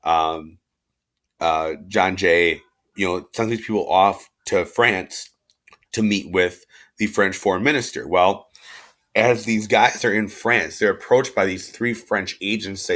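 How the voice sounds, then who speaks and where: A man's voice: low-pitched, fairly even intonation, a little slow, a bit bright. A man giving an informal history lecture as a teacher, talking casually with lots of fillers and asides.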